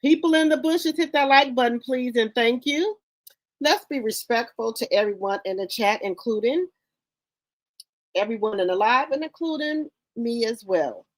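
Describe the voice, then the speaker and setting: A woman's voice: on the high side, lively intonation, moderate pace. A woman hosting a casual livestream, greeting viewers by name in an informal, repetitive, chatty way, with features. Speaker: livestream host.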